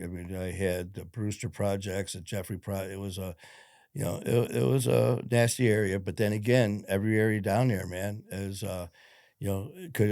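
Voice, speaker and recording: Deep-voiced man telling war stories. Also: darkish tone, no room sound, studio quality. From Detroit, USA. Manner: rambling, profane, frank, with many fillers. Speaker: podcast guest, former police officer. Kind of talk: casual storytelling interview.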